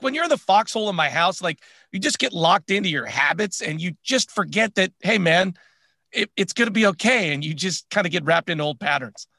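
A man co-hosting a podcast, talking candidly in a relaxed, chatty way. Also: high-pitched, no echo. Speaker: podcast co-host. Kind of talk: casual chat.

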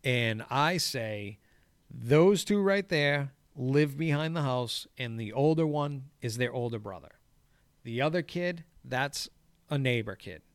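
A man's voice: medium pitch, animated, slow, dry recording, clean studio sound. A man, a golf course crew boss, telling a story in casual chat, swearing freely and acting out the quoted dialogue. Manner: profane, acts out quoted dialogue.

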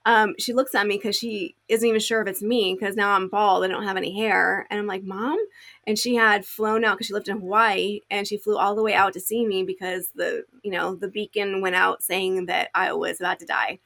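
A woman's voice: medium pitch, little pitch movement, a little fast, vocal fry, few pauses, a bit bright. A young adult woman telling her story as an interview guest, chatty, with many restarts and fillers. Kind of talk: conversational storytelling.

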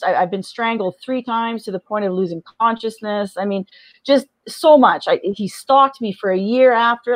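The audio is poor and echo-free as a middle-aged woman with a medium-pitched voice speaks frankly as an interview guest about her own life. She frequently restarts and repeats words and laughs in between heavy recollections.

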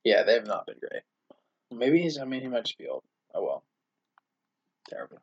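A man co-hosting a casual sports podcast, rambling through stories with plenty of fillers. His voice sits at a medium pitch, and the recording is muffled and lo-fi. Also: moderate pace, pauses often, breathy edge. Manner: chatty, many fillers, animated storyteller. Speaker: podcast co-host. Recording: dull lo-fi podcast audio.

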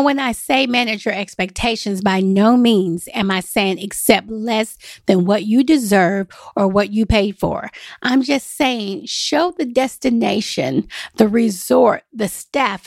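A woman hosting a travel podcast in a lively, emphatic, chatty way. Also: on the high side, vocal fry, no echo, clean studio sound. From United States. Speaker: podcast host and travel agent. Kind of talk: solo podcast talk.

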